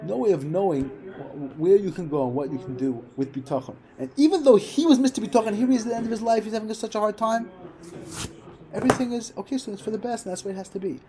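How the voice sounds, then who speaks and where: A man's voice: sits high, animated, fast talker, crowd noise. A man giving an informal Torah class, telling stories and repeating phrases for emphasis. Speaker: Torah teacher.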